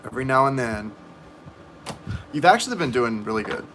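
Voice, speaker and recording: A man's voice: mid-range voice, sing-song, fairly quick, fairly bright tone, slight background noise. A man giving tarot readings on a live stream, chatting and rambling to viewers in the chat. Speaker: tarot reader.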